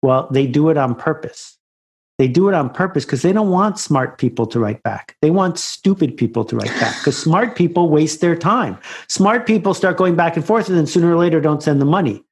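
A man's voice: a little high, lively intonation, brisk. Man telling stories in an interview. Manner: anecdotal, builds stories to a punchline. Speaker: author and guest. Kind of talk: conversational storytelling.

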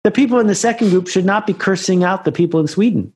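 A man's voice: high-pitched, fast talker, darkish tone. A man, an author, talking as a guest in an interview and building anecdotes toward a punchline. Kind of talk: conversational storytelling.

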